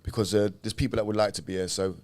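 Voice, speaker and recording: A man co-hosting a live podcast in a studio, joking loosely with plenty of ums and quick shout-outs. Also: lowish voice, fairly even intonation. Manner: playful, loose, lots of ums and joking asides. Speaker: podcast co-host. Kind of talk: casual live-stream chat.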